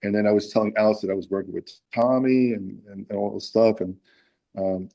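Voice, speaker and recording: A man's voice: on the low side, steady tone, fairly quick, gravelly, warm tone, lo-fi sound. A man guest in a casual interview, telling a story with lots of fillers and acted-out quotes. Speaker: musician guest.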